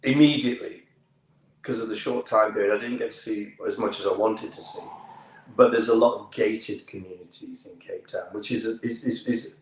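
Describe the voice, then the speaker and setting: A man from the United Kingdom, an actor, telling anecdotes in an interview with lively delivery and frequent laughter. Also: on the low side, normal speed. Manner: lively storyteller, laughs often, acts out other voices. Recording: roomy echo.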